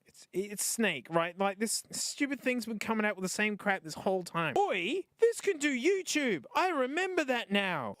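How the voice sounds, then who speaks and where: An Australian man unboxing and testing old-style phones in casual, excitable commentary, wry and laughing often. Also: very high-pitched, no echo. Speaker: streamer reviewing phones.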